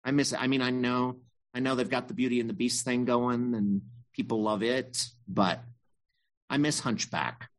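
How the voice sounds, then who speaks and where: A man's voice: medium pitch, steady tone, normal speed. A man chatting on a podcast, enthusiastic and nostalgic. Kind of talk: casual chat.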